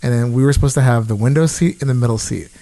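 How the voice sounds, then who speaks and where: A man hosting a podcast, telling a story in a casual, animated and profane way. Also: mid-range voice, racing.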